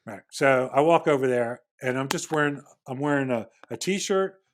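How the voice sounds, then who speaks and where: A man's voice: medium pitch, normal speed. A middle-aged man, a former security agent, telling a long anecdote as a podcast guest, with frequent restarts and acted-out dialogue. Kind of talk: casual storytelling in a podcast interview.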